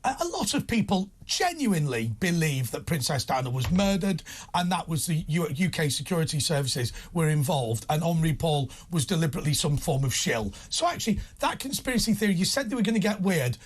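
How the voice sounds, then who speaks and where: Opinionated panel guy, high voice, jumps in. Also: big pitch swings, fairly quick, few pauses. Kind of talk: talk show discussion.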